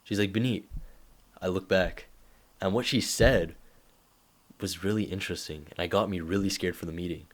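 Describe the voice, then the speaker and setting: A man's voice: sits low, moderate pace. A young man talking casually to camera, giving advice and acting out little stories with quoted voices. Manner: animated storytelling with acted-out quotes.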